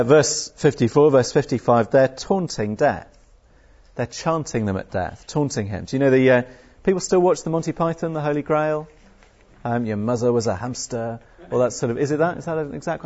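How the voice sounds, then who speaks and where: A man from Britain preaches a sermon in a conversational, animated way. He talks in a middle register, stumbles over fillers and breaks into playful taunts. The recording sounds a little dull and muffled. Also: medium pitch, brisk. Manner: lively, conversational, many fillers, mock-taunting asides.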